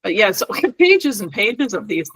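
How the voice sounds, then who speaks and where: Bright-voiced chatty middle-aged woman. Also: medium pitch, sing-song, normal speed, breathy edge. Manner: rambling storyteller, laughs often. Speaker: podcast co-host. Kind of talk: casual chat.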